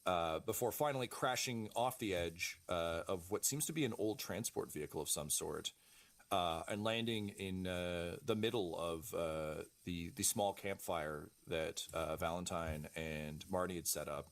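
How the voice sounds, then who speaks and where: Deep-voiced, halting game master. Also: male voice. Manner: halting, full of ums and uhs, casual swearing. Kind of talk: narrating a tabletop game.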